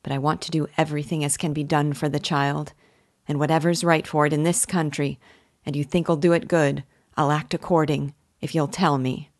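A woman's voice: flat delivery, dry recording, clean studio sound. A woman voicing a timid lonely weaver man. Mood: resolved. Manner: halting, low and hesitant. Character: timid lonely male weaver, reclusive and anxious.

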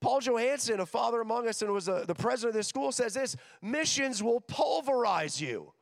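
A young man preaching to students, energetic and joking, acting out voices in his stories. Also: very high voice, a little fast, vocal fry. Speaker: missions director speaking at a school chapel. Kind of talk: sermon. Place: large hall with an audience. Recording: long hall reverb.

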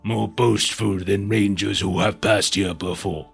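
Man putting on a stern old elder, put-on Nordic-style accent, gravelly, husky, very slow. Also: fairly low pitch, fairly even intonation, faint music behind, exaggerated voice. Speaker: game master voicing a character.

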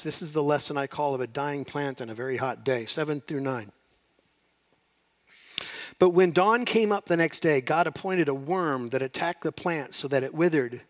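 A man preaching a sermon, reading scripture and acting out the speakers in it, swinging between loud emphasis and hushed asides. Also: on the high side. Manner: animated, voices God and Jonah, swings loud to hushed. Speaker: pastor.

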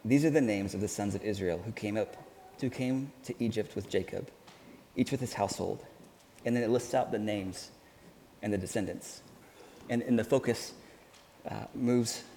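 A man preaches a sermon with a mellow, dark voice. He speaks earnestly and haltingly, often restarting his sentences. His voice carries a long reverb through the hall, with faint ambient noise behind it. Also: lowish voice.

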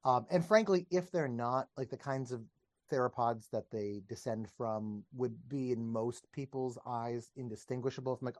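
A man's voice: medium pitch, normal speed, a little mellow, dry recording. A man, a podcast guest and teacher, explaining ideas in casual conversation with enthusiasm, wandering off on tangents and laughing as he talks, recorded over a video call.

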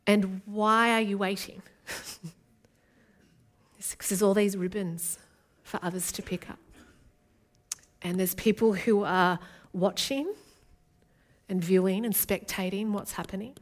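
A woman's voice: medium pitch, slow pace, long pauses, a little mellow. A woman, from Australia, preaching an earnest and intimate sermon as a guest speaker.

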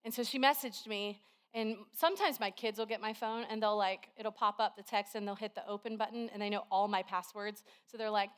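A woman's voice: mid-range voice, fairly even intonation, brisk. A woman preaching a sermon to a congregation, telling everyday stories in a chatty, conversational way. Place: church service with a congregation.

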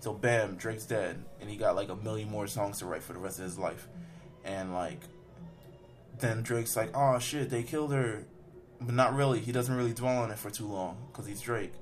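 A man's voice: fairly low pitch, fairly even intonation, moderate pace, faint music behind. A young man on a podcast rambling through a film recap with lots of fillers and profanity. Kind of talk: casual chat, recapping a film.

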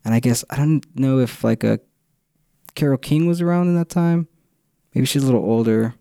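A young man chatting casually on a podcast, his voice dark and mellow. He rambles, laughs a lot and loses his thread. The sound is dry and close. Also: mid-range voice, a little fast, creaky, no room sound. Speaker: podcast co-host. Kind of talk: casual chat.

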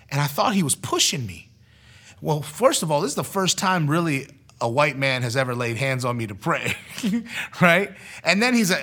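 A young man casually telling a personal testimony, using lots of fillers and acting out quoted lines in a raised voice. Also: on the high side. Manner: animated, acts out quotes in a raised voice; casual, filler-heavy with frequent likes.

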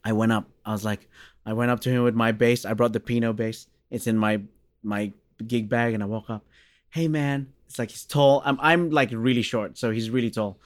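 A man in his thirties from Australia, a bass player guest in a casual interview, telling a story animatedly and acting out the dialogue. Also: steady tone, brisk, dry recording.

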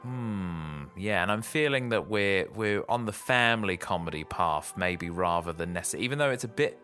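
A man's voice: low voice, animated, normal speed, bright, forceful tone, soft background music. A man co-hosting a podcast, chatting casually with wry, dry quips. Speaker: podcast co-host. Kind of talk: casual chat.

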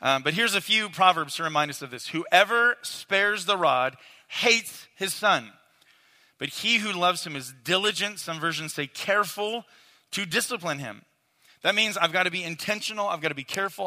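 A man who sounds to be in his thirties gives an earnest, casual, sermon-style teaching on parenting as a father, talking directly to his listeners. His fairly high voice is pushed and bright at a moderate pace, with long hall reverb.

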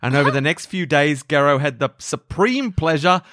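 A man's voice: on the high side, normal speed, no room sound, studio quality. A man, co-hosting a podcast and casually retelling history with jokes and fillers. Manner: animated, jokey, with frequent fillers and playful voices. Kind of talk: casual storytelling chat.

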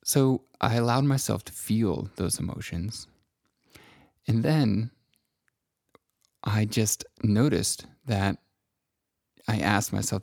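A middle-aged self-help speaker delivers a slow, gentle, contemplative monologue, pausing often and at length as he reflects. His low voice is expressive with a gravelly fry. The recording is dry and close, with no room sound.

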